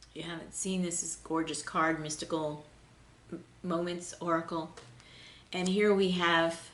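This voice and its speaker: A woman giving an unscripted spiritual tarot reading in a gentle, flowing way, pausing with fillers and restarts. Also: fairly low pitch, flat delivery, reverberant, slight background noise. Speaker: intuitive tarot reader.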